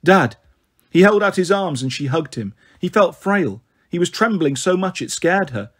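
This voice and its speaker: A man reading a novel aloud in a steady storytelling voice, giving the characters their own voices. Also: sits high, moderate pace, slightly rough. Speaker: audiobook reader.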